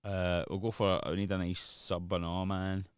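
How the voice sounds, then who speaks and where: A man's voice: low-pitched, flat delivery, normal speed, clear, resonant tone, no echo, studio quality. A Scottish man, a DJ and music producer, chatting casually on a livestream while making music. He rambles, swears freely and laughs often. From Scotland.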